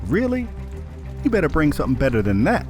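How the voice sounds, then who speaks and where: Male narrator voices a tough, mouthy young woman fighter, pitched well up, cocky and teasing. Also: sing-song, normal speed, over music. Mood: taunting. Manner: cocky, taunting.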